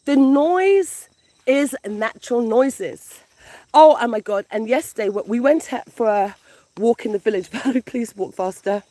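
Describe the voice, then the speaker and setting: A bubbly woman from the UK talks straight to a handheld camera outdoors, her voice sitting a little high. She gushes and repeats words as she goes, loose and excitable. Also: normal speed, no echo. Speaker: vlogger. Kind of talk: casual vlog narration. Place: outdoors in a village.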